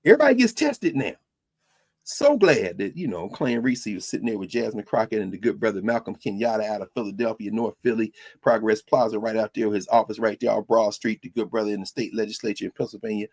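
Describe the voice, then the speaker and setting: A man hosting a podcast as a teacher, lecturing in a preacherly, animated way. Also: lowish voice, fast. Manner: preacherly, animated, mixing quotes and asides. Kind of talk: lecture-style commentary.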